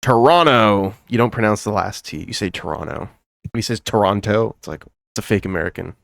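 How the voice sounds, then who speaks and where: A man's voice: fairly low pitch, quick pace, creaky, dry recording, clean studio sound. A man hosting a podcast in casual chat, joking, swearing and laughing often. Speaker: podcast host.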